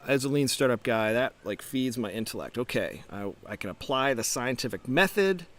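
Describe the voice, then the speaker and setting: A middle-aged man who works as a startup founder and coach talks casually to camera, reflective and motivational, often restarting and throwing out rhetorical questions. His mid-range voice is expressive and a bit bright, at normal speed.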